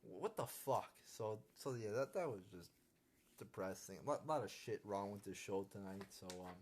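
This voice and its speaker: A man's voice: on the low side, moderate pace, slight background noise. A young man ranting casually on a live stream, profane and irritated, full of restarts and stumbles. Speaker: wrestling commentary vlogger.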